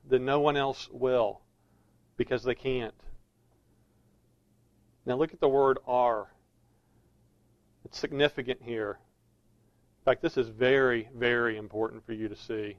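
A man preaching an expository sermon, earnestly leaning on key words and slowing down for emphasis. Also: medium pitch, steady tone, no room sound, muffled recording.

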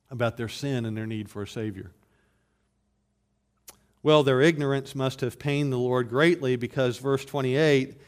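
A man preaching an expository sermon, building from steady explanation to loud emphatic bursts, with frequent restarts. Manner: rises to loud emphatic bursts, then drops low and slow; repeats words in restarts. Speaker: pastor.

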